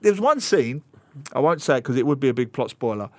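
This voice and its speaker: A man's voice: mid-range voice, quick pace, no room sound, studio quality. Sarcastic man in his forties on radio. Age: 40s. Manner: animated and sarcastic, with mocking asides. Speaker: radio guest and film commentator. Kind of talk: casual radio chat.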